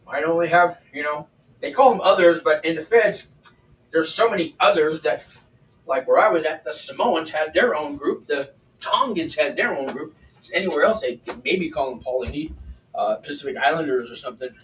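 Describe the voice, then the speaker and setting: An older man hosts a livestream from his home kitchen, telling stories while he cooks in a blunt, profane, chatty way. His voice is a little high and fairly bright, picked up off-mic in a roomy space with faint background noise.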